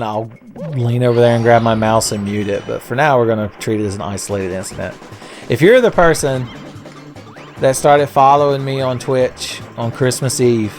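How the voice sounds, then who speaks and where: A man's voice: medium pitch, darkish tone. A man hosting a casual let's-play video, rambling with sarcastic, profane jokes. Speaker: gaming video host.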